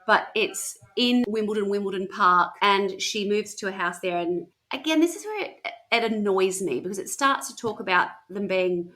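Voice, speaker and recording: A woman's voice: medium pitch, moderate pace, hardly any pauses, fairly bright tone. Woman co-host, chatty true-crime teller who laughs at her own slips. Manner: chatty storyteller, self-mocking, laughs often. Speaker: podcast co-host. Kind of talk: casual chat.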